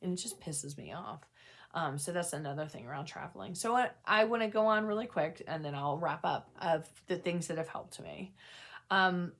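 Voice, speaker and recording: A woman with a notably low voice, speaking straight to her viewers in a candid, unscripted way. She is earnest and self-deprecating, often backing up mid-sentence and wandering into asides. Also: expressive, moderate pace, fairly bright tone. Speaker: mental health vlogger sharing personal experience. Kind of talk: candid casual talk to camera.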